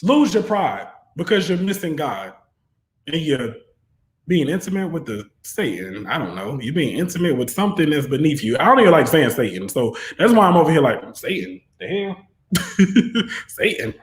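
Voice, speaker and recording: A man's voice: on the high side, sing-song, brisk. A man giving an online tarot reading who talks in a preachy, fervent way and often rises into exhortation. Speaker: tarot reader. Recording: roomy echo.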